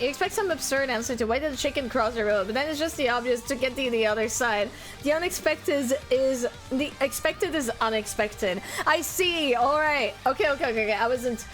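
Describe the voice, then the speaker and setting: A woman streamer, a native French speaker, chatting casually and reading her chat aloud, bubbly and excitable. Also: high-pitched. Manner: bubbly, excitable, squeals greetings to viewers.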